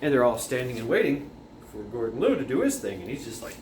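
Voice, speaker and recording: A man's voice: mid-range voice, sing-song, fast talker, darkish tone. A man casually retelling a film scene, rambling, with many restarts and sound effects. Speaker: vlogger. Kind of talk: casual storytelling. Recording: roomy echo, faint background noise.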